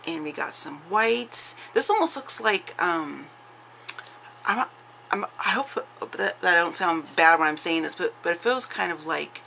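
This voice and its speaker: A woman with a fairly low, gravelly and bright voice talks through a craft unboxing at home. She gushes and restarts her sentences, and her words come out a little slurred from facial numbness. A faint hiss sits behind her. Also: expressive, measured pace, rough recording. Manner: chatty, gushing, with frequent restarts. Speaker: craft vlogger. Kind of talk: casual unboxing chat.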